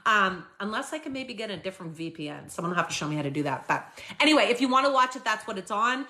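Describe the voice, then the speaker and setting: A woman hosting a live stream, chatting casually and retelling a story with lots of fillers and animated asides. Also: on the high side. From Canada.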